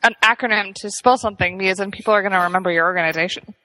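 A woman's voice: medium pitch, rapid-fire, pushed and bright, long reverb tail, low-quality recording. A woman co-hosting a podcast in casual chat, chatty, laughing often and restarting sentences. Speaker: podcast co-host.

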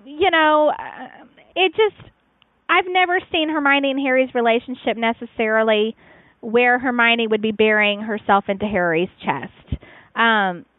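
A woman's voice: on the high side, steady tone, measured pace, no echo. A woman chatting casually as a podcast co-host reviewing fan fiction, rambling with frequent fillers and restarts. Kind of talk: casual chat. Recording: tinny phone-like line, dry.

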